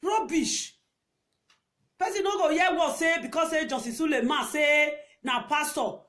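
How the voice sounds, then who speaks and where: Unhurried but furious, a Nigerian woman with a very high voice rants in angry commentary. Her scolding circles back to the same points repeatedly, punctuated by shouting and laughter.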